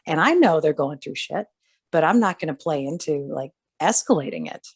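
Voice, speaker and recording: Low-voiced woman chatting animatedly on a podcast. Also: normal speed, slightly rough, dry recording, clean studio sound. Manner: animated, acts out quoted voices. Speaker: podcast co-host. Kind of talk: casual chat.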